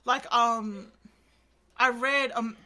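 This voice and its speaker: A woman's voice: fairly high pitch, fairly even intonation, extremely slow, sharp tone. A woman co-hosting a casual podcast, rambling with lots of filler words as she retells stories. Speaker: podcast co-host.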